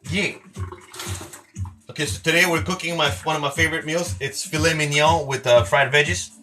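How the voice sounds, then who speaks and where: Bright-voiced joking man streaming live. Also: on the high side, steady tone, normal speed, faint music behind. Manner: joking, rambling, laughs a lot. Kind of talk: casual live-stream chat. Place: home kitchen.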